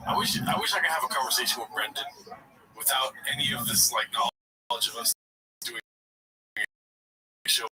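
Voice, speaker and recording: A man co-hosting a casual podcast, reading out posts and tweets in a relaxed, joking way. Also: mid-range voice, normal speed, pauses often, a crowd in the background. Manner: relaxed, laughing, reads posts aloud. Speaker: podcast co-host reading clips. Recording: distant mic with background noise.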